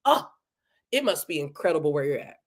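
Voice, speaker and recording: A woman hosting a live-streamed podcast, effusively greeting her chat viewers by name in a casual, animated way. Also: sits low, brisk. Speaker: podcast host. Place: home, Delaware.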